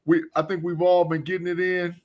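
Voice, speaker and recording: Emphatic high-voiced man. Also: little pitch movement, fairly quick, darkish tone. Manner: emphatic, chuckling, repeats phrases. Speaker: guest. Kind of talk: casual chat.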